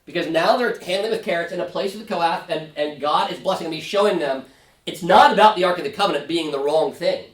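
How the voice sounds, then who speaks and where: Animated pastor teaching in an echoey room. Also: male voice, fairly high pitch. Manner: animated, acts out biblical characters in quick asides. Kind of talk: Sunday school Bible study teaching. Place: church classroom. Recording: echoey room, mic at a distance.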